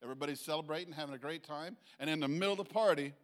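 A man preaching a sermon in a conversational way, reading scripture slowly and checking in with his listeners. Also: a little high. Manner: bursts into loud acted shouts when quoting. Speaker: pastor. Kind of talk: sermon teaching.

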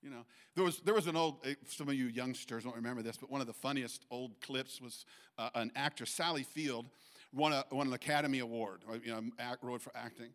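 A man's voice: mid-range voice, brisk, fairly bright tone. A middle-aged man preaching a sermon in a conversational way, full of restarts and acted-out quotes. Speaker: pastor.

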